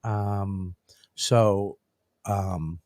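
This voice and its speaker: A man's voice: fairly low pitch, steady tone, drawn-out words, a little mellow, no echo, studio quality. A man co-hosting a podcast, telling rambling stories full of swearing and laughter in casual banter. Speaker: podcast co-host, comedian.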